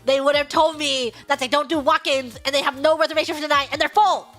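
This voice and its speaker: A woman streamer chats casually and tells her stories with lively exasperation, sometimes breaking into shouts. Her voice is high and bright. Faint music plays underneath. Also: fast talker. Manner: animated, exasperated storytelling with shouted outbursts. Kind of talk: casual stream chat, storytelling.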